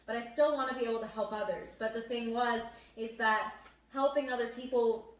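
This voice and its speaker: A woman's voice: fairly high pitch, fairly even intonation, a little fast. Earnest young woman, echoey room. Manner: earnest, with many fillers. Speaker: host. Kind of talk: casual chat. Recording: echoey room, mic at a distance.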